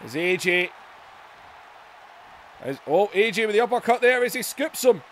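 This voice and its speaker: A man hosting a gaming video, giving excited wrestling-style play-by-play that bursts into shouts. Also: sits high, moderate pace, a little hiss or hum. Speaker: YouTube gaming host.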